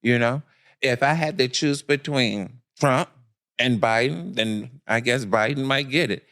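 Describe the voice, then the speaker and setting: A man's voice: medium pitch, measured pace, a bit bright. A man speaking as a guest in a casual podcast discussion, blunt and emphatic, thinking aloud with frequent restarts.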